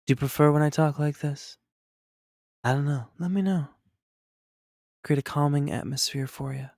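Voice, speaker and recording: A man's voice: on the high side, fairly even intonation, moderate pace, gravelly, pauses often, no echo, studio quality. A man painting on a live stream, chatting casually and reacting to chat in an upbeat, rambling way.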